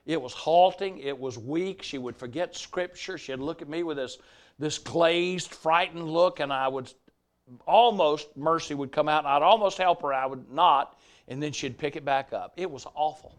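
An older Southern man preaching from the pulpit, his voice pitched high for a man. He tells stories with animated storytelling and acts out the people he quotes. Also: normal speed. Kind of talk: sermon storytelling.

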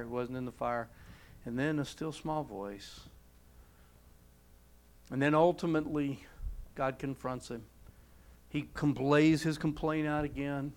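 A man preaching a sermon, retelling a scripture story and swinging between emphatic and hushed delivery. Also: mid-range voice, clear, resonant tone.

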